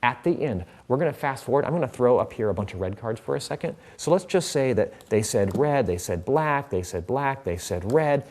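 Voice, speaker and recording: A man's voice: mid-range voice, lively intonation, fairly quick, few pauses, a little mellow. Chatty man explaining a card trick. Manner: chatty, explains while handling cards. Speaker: magician teaching a card trick. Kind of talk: casual demonstration tutorial.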